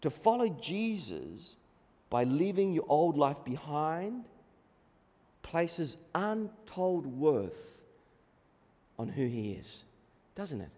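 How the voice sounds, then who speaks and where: A man with a high voice delivers a sermon in a large hall, and a long reverb trails behind every phrase. He presses hard on his key words, moves between loud and hushed passages, and acts out each line he quotes. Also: big pitch swings, takes it slowly, pauses often, breathy edge. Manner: emphatic, swings between loud and soft. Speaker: pastor.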